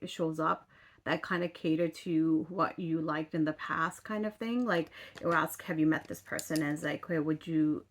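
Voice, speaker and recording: A woman's voice: on the low side, fairly bright tone. A young woman from western Canada chatting casually to camera, rambling and full of fillers and asides. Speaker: vlogger. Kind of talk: casual chat.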